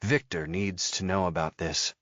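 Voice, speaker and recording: A man narrating a thriller audiobook in a steady, measured storytelling manner. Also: sits low, dry recording, muffled recording. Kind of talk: scripted narration.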